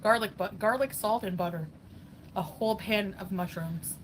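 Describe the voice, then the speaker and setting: A woman's voice: mid-range voice, moderate pace, noisy background. A woman chatting casually on a live stream, giggling often and reading out viewer comments. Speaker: travel vlogger on a live stream.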